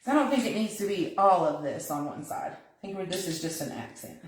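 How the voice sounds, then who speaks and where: Woman hosting a live craft demo, giggly and chatty, lively pitch, roomy kitchen echo. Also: brisk. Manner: chatty, giggly, thinking aloud while working. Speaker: craft tutorial host. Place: her kitchen, indoors. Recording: echoey kitchen, mic at a distance.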